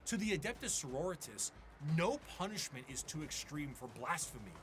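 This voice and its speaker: A man reading scripted explainer narration with a measured, wry delivery. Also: a little high, big pitch swings, background noise. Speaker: video narrator.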